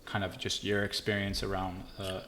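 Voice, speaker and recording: A young man co-hosting a relaxed podcast, his voice on the lower side. He speaks in an easygoing way and often stops and restarts as he works out his thoughts. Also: normal speed, a little hiss or hum. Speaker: podcast co-host. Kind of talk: casual chat.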